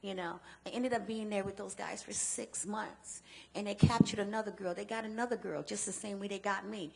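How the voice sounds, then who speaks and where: A woman's voice: medium pitch, steady tone, creaky. A woman from Chicago giving a personal testimony talk, earnest and emphatic, repeating key phrases and stumbling into restarts when the memories press in. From Chicago, United States. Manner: earnest storytelling with emphatic repetition; halting restarts when emotional. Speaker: guest speaker and advocate.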